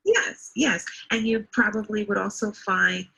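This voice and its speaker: A woman's voice: mid-range voice, a little slow, gravelly, sharp tone, dull audio, a little hiss or hum. A woman teaching a one-to-one online English lesson over a video call, patiently explaining word meanings. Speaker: English tutor.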